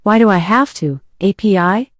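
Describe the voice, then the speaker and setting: A woman's voice: mid-range voice, moderate pace, dry recording, clean studio sound, natural voice. A woman voicing an irritated eighteen-year-old brother who answers curtly, in her own voice. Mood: annoyed. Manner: curt, annoyed.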